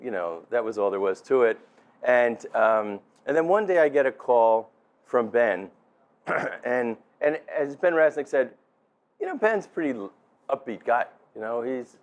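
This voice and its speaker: A middle-aged man, father of the groom, telling a rambling, laughing story in a wedding toast. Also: fairly low pitch. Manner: chatty storyteller, laughing, many restarts. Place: restaurant dinner.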